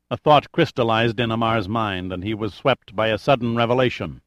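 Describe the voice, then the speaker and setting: A man's voice: on the low side, brisk, few pauses, dry recording. Man reading a thriller, dry sound. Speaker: audiobook narrator. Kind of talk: scripted narration of a thriller.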